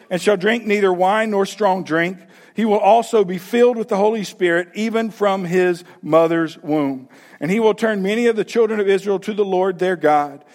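A man pastor preaching a sermon, talking to the congregation with direct questions and frequent restarts. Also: high voice.

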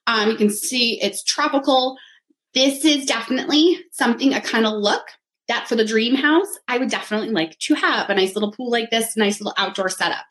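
A woman's voice: fairly high pitch, brisk, a bit bright, rough recording. A woman in her thirties, a coach, chatting in an upbeat way as she walks through each item on her vision board in a casual how-to talk.

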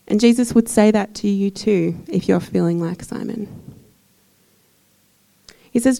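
A woman's voice: medium pitch, measured pace, creaky, long pauses, warm tone. A woman giving a conversational sermon in church, putting questions to the congregation. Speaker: preacher.

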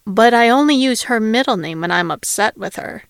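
A woman's voice: fairly high pitch, lively intonation, moderate pace, vocal fry, clean tone, dry recording, clean studio sound. A woman reading aloud and voicing a hospitable, widowed middle-aged man who welcomes guests into his home. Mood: welcoming. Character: kindly middle-aged male homeowner, a widower.

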